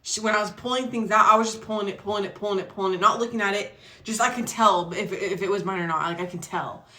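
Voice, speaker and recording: A young woman tells a personal story in a casual storytime vlog. She is chatty and animated, acting out the other people's words and swearing freely. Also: medium pitch, fast. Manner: chatty, animated retelling with acted quotes and swearing. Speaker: vlogger.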